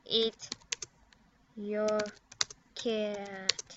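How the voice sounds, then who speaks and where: While making a prank game video, a young woman types at her computer and offers giggly, halting commentary, mumbling and trailing off. The pitch of her voice is fairly high, and the dull lo-fi computer mic also catches background noise.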